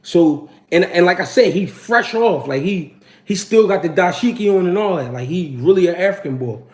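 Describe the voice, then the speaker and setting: A man's voice: high voice, lively intonation, normal speed, darkish tone. A man, hosting his channel and telling a story to a live audience in a casual, slangy and profane way, acting out the quotes. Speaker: channel host.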